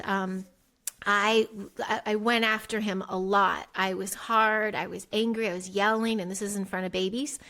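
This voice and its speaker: A middle-aged woman, a podcast guest, telling her story candidly and acting out the quoted dialogue with big jumps in her voice. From United States. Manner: animated, acts out quoted dialogue with pitch jumps.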